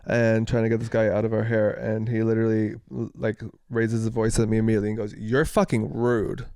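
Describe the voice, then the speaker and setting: A young man co-hosting a podcast, telling a story in casual chat, animated, laughing and swearing freely. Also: fairly low pitch, fast talker, clean tone, no echo, clean studio sound. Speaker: podcast co-host.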